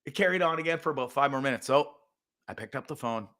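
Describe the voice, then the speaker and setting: A man hosting his own show, telling a story in a profane, animated rant with sudden loud outbursts. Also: medium pitch, fast talker. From Canada. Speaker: podcast host. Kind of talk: casual ranting monologue.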